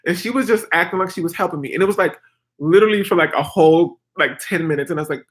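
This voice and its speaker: A twenty-something woman vlogger tells her viewers a story in a lively, chatty way, sprinkling in plenty of "like" and "girl." Her voice sits fairly low and she talks quickly.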